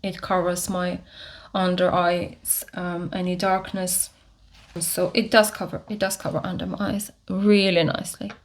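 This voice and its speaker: A woman giving a casual makeup tutorial to camera, talking through each step with frequent pauses, fillers and restarts. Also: on the low side, little pitch movement. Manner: unhurried, many fillers and restarts while demonstrating. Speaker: beauty vlogger.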